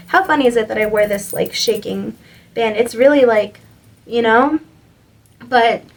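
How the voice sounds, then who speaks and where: A woman's voice: high-pitched, expressive, moderate pace, distant mic, low-quality recording. Earnest young woman giving spiritual encouragement. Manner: earnest and encouraging, rambling with many "like"s. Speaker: spiritual reader. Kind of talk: motivational spiritual reading to camera.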